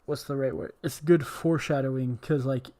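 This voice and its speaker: A man's voice: mid-range voice, fairly even intonation, brisk, warm tone. A man hosting a casual podcast chat, rambling with lots of fillers and swearing. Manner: rambling, heavy on fillers and profanity. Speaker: podcast host.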